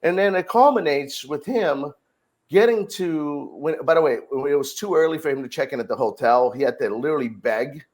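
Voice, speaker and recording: Speaking at a moderate pace in a fairly high voice, a middle-aged security director on a podcast recounts a story from work in relaxed conversation. He tells it with animation, performing the dialogue as he goes.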